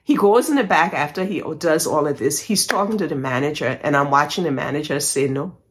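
A woman podcast host telling a personal faith testimony, emotional and animated, breaking into praise. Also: sits low, brisk.

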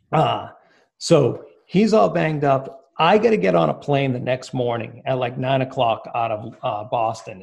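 A man's voice: mid-range voice, vocal fry, darkish tone. A man on a podcast telling a long, rambling, profane story in casual talk. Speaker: podcast guest.

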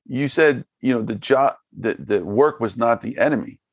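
A man's voice: mid-range voice, expressive, moderate pace, no room sound. A man hosting a podcast, rambling and repeating words as he sums up his guest's points. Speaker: podcast host. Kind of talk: podcast conversation.

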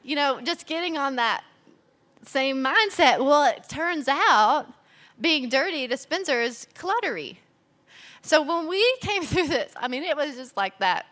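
Bright, chatty woman telling stories. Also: measured pace, long reverb tail. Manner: chatty, animated, laughs while telling stories; acts out quotes in a higher, louder voice. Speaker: speaker sharing marriage advice. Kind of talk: personal talk to an audience.

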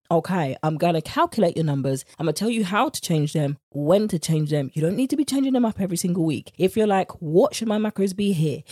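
A woman's voice: on the low side, dry recording, studio quality. A British woman in her thirties hosting a podcast, talking casually and chattily to her listeners as a macros coach. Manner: chatty and animated, addresses listeners as "girl".

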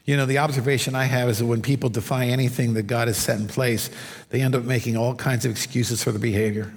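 A man's voice: mid-range voice, fairly even intonation, fast, gravelly. A male pastor preaching a conversational sermon in a church, telling stories and asides to the congregation. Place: church sanctuary under stage lights. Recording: long hall reverb.

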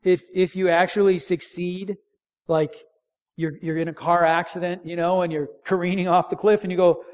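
A middle-aged man preaching a sermon in a church, emphatic, repeating key phrases and dropping to a near hush for stress. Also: high-pitched, flat delivery, normal speed. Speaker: pastor.

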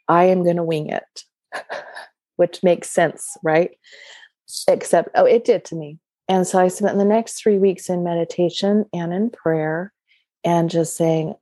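A woman with a low, mellow, dark voice tells a personal story in an easy, conversational way. She is animated and laughs often as she talks. The recording is close and dry. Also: dry recording. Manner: animated, laughs often while telling stories. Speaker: guest.

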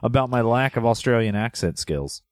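A man's voice: mid-range voice, animated, moderate pace, no echo, clean studio sound. A man hosting a movie podcast, talking in casual chat with playful, teasing banter. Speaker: podcast host.

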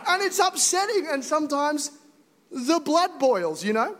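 Young male pastor, high voice, jokey then fervent sermon, long church-hall reverb. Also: a little slow, some chatter behind. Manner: animated, joking, rising to emphatic exhortation. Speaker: preacher. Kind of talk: energetic sermon.

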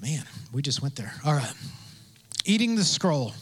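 High-pitched guy preaching, animated and chatty, acts out the voices and gets loud. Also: normal speed, husky. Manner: conversational with asides and self-interruptions. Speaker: pastor. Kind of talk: sermon.

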